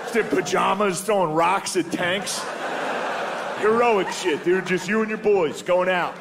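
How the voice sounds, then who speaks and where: A man's voice: high voice, a little slow, creaky. A man doing a stand-up comedy set, talking in a loose, crude, conversational way and often saying "dude". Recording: live club with audience noise.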